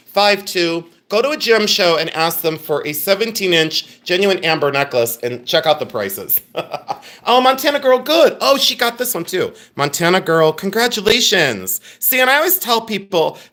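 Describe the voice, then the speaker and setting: A man's voice: high-pitched, bright, forceful tone. A middle-aged man hosting a live jewelry sale, chatting and teasing as he greets viewers by name. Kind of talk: live-stream sales chat.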